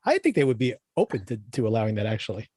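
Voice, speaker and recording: A man's voice: lowish voice, sing-song, racing, darkish tone, husky, no echo, clean studio sound. A man co-hosting a podcast in casual chat, rambling and opinionated, often restarting his phrases. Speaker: podcast co-host.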